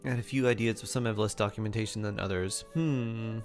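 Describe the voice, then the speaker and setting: A man's voice: lowish voice, steady tone, a little fast. A man streaming a game, chatting casually, reading chat aloud and humming between remarks. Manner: laid-back, hums and scats to himself while reading chat. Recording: faint music behind.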